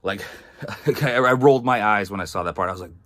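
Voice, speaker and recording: Casual film reviewer from Massachusetts, a man with a lowish voice who rambles with lots of filler words. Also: normal speed, a bit bright. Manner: rambling, heavy on "like" and "um", swears freely. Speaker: movie reviewer.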